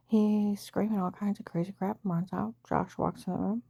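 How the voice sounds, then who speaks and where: Brief: middle-aged woman, warm breathy voice, raw emotional testimony, breathless and urgent. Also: medium pitch, fairly even intonation, moderate pace, hardly any pauses, no room sound. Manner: emotional, breathless retelling with frequent quoted dialogue. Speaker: storyteller. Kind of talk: personal testimony.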